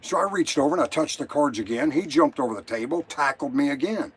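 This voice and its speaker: Older male caller, slightly high husky voice, agitated and profane. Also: expressive, fast. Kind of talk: emotional call-in story.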